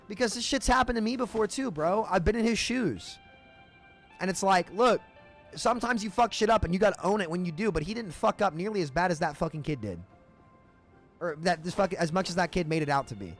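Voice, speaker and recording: Heated, cursing male game streamer. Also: sits high. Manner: heated, profane, repeats himself. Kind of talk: livestream rant between matches.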